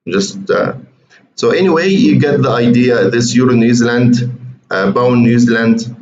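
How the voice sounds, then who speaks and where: A man talks viewers through market charts in a loose, conversational way, doubling back on his words as he goes. His voice sits at a middle pitch. The recording is roomy and a bit muffled, with a faint hiss underneath. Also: moderate pace, a little mellow. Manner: conversational, repeats words, addresses viewers as guys. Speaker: trading educator. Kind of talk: screen-share chart walkthrough.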